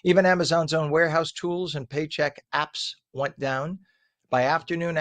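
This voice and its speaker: A man's voice: a little high, a bit bright, no room sound. An American man hosting a morning talk radio show, reading news and then giving his own opinionated explanations to listeners.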